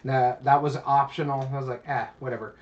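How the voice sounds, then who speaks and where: A man co-hosting a board game podcast, explaining things in relaxed casual chat. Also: medium pitch, brisk. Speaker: podcast co-host. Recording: distant dull podcast audio.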